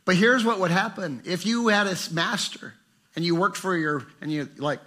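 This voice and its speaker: Middle-aged pastor preaching, bright slightly high voice, gets loud then real quiet. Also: male voice, moderate pace. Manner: passionate, swinging between fervent and hushed. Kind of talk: sermon.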